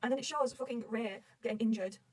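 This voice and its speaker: Fast-talking gushing young woman. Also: fairly high pitch, a little mellow, far from the mic, low-quality recording. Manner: gushing, rambling, swears constantly. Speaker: manga reader reacting. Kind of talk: excited recap chat.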